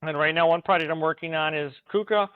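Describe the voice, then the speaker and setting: A man, an automation engineer, telling work stories in a casual interview, animated and laughing now and then. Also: a little high, fast, clean tone, no echo. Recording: tinny phone-like remote call line.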